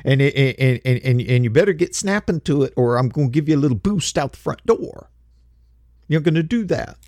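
In a clean, dry studio recording, a male commentator with an animated, mid-range, darkish voice speaks fairly quickly. He gives a heated, emphatic monologue, mocks others through impressions, and stumbles on repeated words whenever he's worked up.

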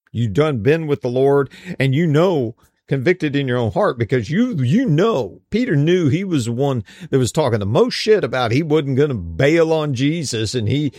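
A man's voice: medium pitch, a little mellow, no echo, clean studio sound. A man teaching a Bible study in a casual, conversational way, with folksy slang and frequent "you know.".

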